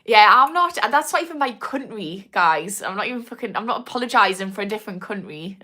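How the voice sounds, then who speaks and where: Answering comments during a live stream, a North East English addiction recovery coach rambles with plenty of restarts. She has a mid-range voice that is animated, quick and sharp.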